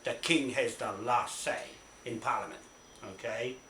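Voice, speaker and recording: A man's voice: medium pitch, measured pace, pushed and bright. A man ranting into his own camera, swearing, repeating himself and tagging his points with "right?". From New Zealand. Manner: angry, profane, repetitive, keeps asking "right?". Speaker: self-recorded complainant. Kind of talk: ranting self-made video. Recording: echoey room with faint noise.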